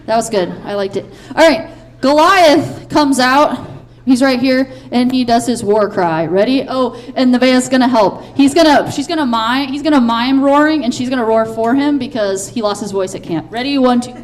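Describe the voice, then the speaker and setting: A high, lively woman runs a children's Bible play from the front of a church. Her talk is upbeat and playful, full of quick cheers and stage cues for the kids. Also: a crowd in the background. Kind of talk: directing a children's Bible skit.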